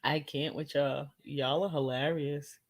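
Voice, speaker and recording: Slow, laid-back woman streamer, low voice. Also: steady tone. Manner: laid-back, slangy, laughs often. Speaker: host of a live talk stream. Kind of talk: casual live-stream chat with viewers.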